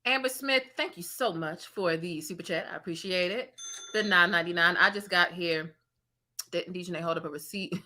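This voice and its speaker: Sharp-voiced sarcastic woman host. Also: lowish voice, normal speed. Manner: sarcastic, mocking asides. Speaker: commentary channel host. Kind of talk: livestream commentary, reading super chats.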